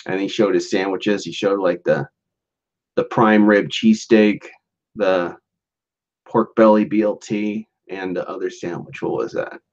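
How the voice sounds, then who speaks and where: A man with a fairly low voice talks through a casual solo podcast. He rambles loosely, packing in fillers and false starts and chuckling along the way. The recording is dull and lo-fi. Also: fairly even intonation, normal speed, darkish tone. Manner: rambling, lots of "like" and restarts, chuckles often. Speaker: podcast host.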